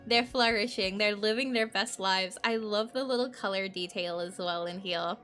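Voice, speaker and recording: A woman's voice: mid-range voice, moderate pace, fairly bright tone, faint music behind. A young woman streaming a game, gushing and rambling with many filler words as she comments and reads aloud.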